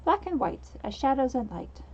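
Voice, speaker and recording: Brief: cryptic, grave male board-game keeper, read by a woman, high-pitched and dull-sounding. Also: big pitch swings, moderate pace. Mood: solemn. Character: man playing a solemn board game. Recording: dull lo-fi mic.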